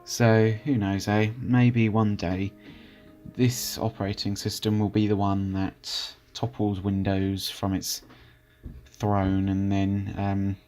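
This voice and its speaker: A man's voice: deep voice, flat delivery, takes it slowly, a little mellow, soft background music. A young man talking casually over a screen recording as host, chatty and hesitant, full of fillers and restarts. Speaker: channel host reviewing software.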